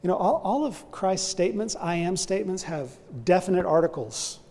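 A man's voice: high voice, moderate pace, warm tone, long reverb tail. A man preaching an expository sermon. He explains in an emphatic teaching manner and poses rhetorical questions.

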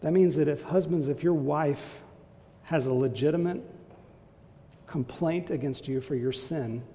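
A male pastor preaching with an emphatic, exhorting delivery. His voice sits a little high yet sounds dark and mellow, with a gravelly edge. The sound rings with the long reverb of a large hall. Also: unhurried, a little hiss or hum. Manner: emphatic, builds to forceful exhortation. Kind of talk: sermon.

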